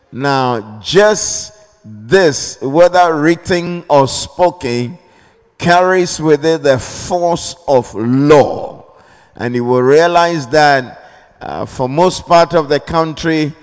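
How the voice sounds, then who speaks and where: Slow preacher in a reverberant hall. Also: male voice, mid-range voice, clean tone. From Ghana. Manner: slow, deliberate, repeats key phrases, calls for amens. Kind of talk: sermon. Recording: long reverb of a large hall.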